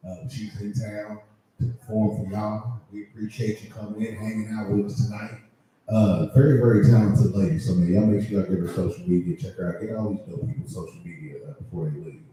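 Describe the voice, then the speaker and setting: Mellow, laid-back male comedy host. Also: on the low side, fairly even intonation, a little fast, slight background noise. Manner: laid-back, chatty, uses y'all. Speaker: open mic host. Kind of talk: emceeing a comedy night. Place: comedy club. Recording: echoey club room, mic from far.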